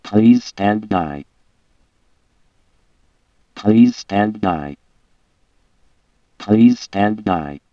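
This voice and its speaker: A man voicing a bored male robot announcer who makes flat, deadpan announcements. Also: lowish voice, very slow, long pauses, clean tone, dry recording. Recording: dull lo-fi voice from a distance over loud music.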